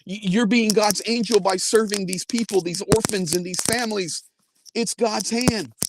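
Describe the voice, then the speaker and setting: A man's voice: high voice, moderate pace, background noise. A man hosting a live faith-based update from inside his car, telling a story earnestly and quoting others. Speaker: host.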